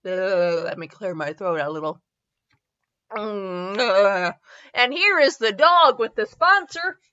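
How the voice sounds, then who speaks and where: A woman's voice: mid-range voice, expressive, slow, sharp tone, lo-fi sound. Giggly Midwestern woman reading fanfiction aloud. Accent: Midwestern American. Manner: giggly and rambling, with frequent laughter. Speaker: fanfiction reviewer and host.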